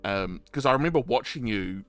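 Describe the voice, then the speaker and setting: A man's voice: mid-range voice, animated, a little fast, fairly bright tone, soft background music. A man in casual chat, enthusiastically recounting his roleplay moments and swearing freely. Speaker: roleplayer interviewee.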